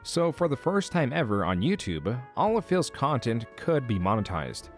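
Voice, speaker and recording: Male documentary narrator, measured, expressive pitch. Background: music underneath.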